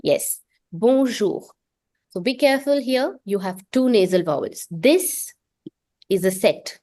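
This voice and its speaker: A patient woman teaching an online French class, her voice at an ordinary middle pitch. She spells out sounds slowly and has students repeat them after her. The recording is dry and close, with no room sound. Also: animated, dark tone, no room sound. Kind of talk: online language lesson.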